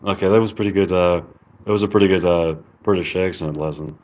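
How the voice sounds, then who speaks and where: A man on a casual live stream, reading viewer comments aloud in a halting way. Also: low voice.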